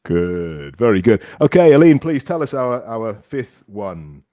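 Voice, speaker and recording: A man hosting an English teaching podcast, encouraging his student, praising often and drilling words slowly. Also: medium pitch, very animated, dark tone, no echo.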